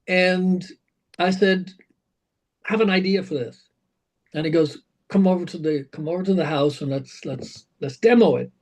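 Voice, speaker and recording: An older man, a rock singer being interviewed, telling animated stories, acting out quotes, swearing and laughing. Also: high voice, moderate pace, rough recording. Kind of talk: storytelling interview.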